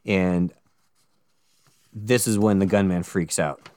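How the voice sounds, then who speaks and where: A man's voice: sits low, steady tone, slow, darkish tone, no echo. A man co-hosting a casual true-crime podcast, reading out the case and cutting in with jokey, sweary asides. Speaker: podcast co-host.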